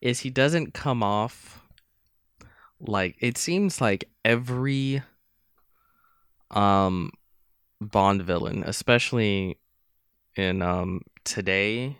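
A man co-hosting a casual film podcast, animated and cursing freely as he chats. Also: on the low side, drawn-out words, long pauses, clean tone, dry recording, studio quality. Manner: animated, swears freely, laughs often. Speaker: podcast co-host.

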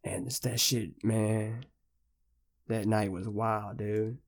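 A man's voice: on the low side, fairly even intonation, slow pace, vocal fry. A young man hosting a podcast, telling a rambling story in casual, slang-heavy, profane talk. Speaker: podcast host.

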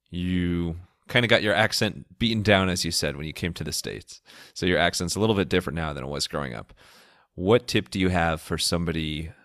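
A deep-voiced man hosts a podcast, recorded dry and close. He sounds playful and upbeat, enjoying his own puns as he steers the interview. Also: a bit bright, dry recording. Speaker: podcast host. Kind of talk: interview questions.

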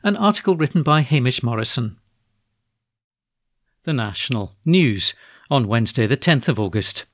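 A man's voice: mid-range voice, no room sound. Scottish man reading the news, dry. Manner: steady, measured reading. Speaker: volunteer newspaper reader. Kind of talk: read-aloud newspaper articles.

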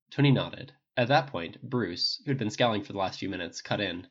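An audiobook reader narrating fan fiction with a lively, expressive delivery. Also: low voice, fairly quick, vocal fry, few pauses, husky, highs cut off.

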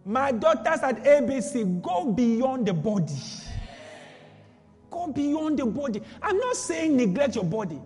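Preaching a sermon a little slowly, this man has a notably high, animated voice and leans on repetition and rhetorical questions to make his case. Faint music sits under him in a hall with long reverberation.

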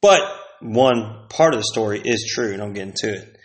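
A man's voice: on the low side, lively intonation, normal speed. A man talking in a casual, profane monologue, rambling through rants and stories and acting out other people's voices. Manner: profane, rambling storytelling rant.

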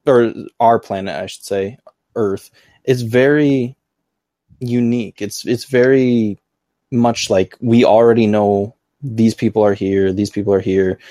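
Eager about the subject, a man co-hosting a live podcast talks casually, thinking aloud and jumping back to restart. He has a warm, medium-pitched voice, recorded dry at studio quality.

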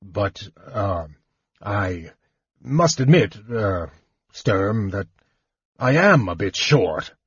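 Gruff old dwarf, husky and halting, read by a man in an audiobook. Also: on the low side, sing-song, dry recording, dull audio, full character voice.

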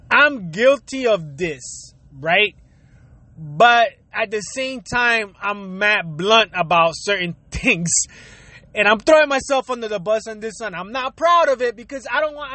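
Young man, casual profane rant, very high bright voice, dry close sound. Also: no echo. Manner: blunt, profane, laughing often.

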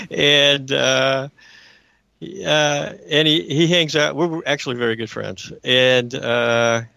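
A man's voice: medium pitch, fairly even intonation, slow, gravelly, bright, forceful tone, dry recording. Earnest man telling his story on radio. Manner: earnest, emphatic, keeps checking in with listeners. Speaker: radio show host.

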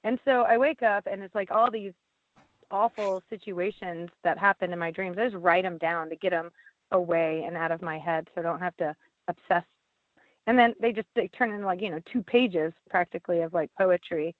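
A woman's voice: fairly low pitch, moderate pace, dry recording. A woman who writes a band's lyrics, talking casually in an interview, blunt and swearing freely, with lots of fillers. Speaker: band lyricist and singer. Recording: tinny phone-like line, dry.

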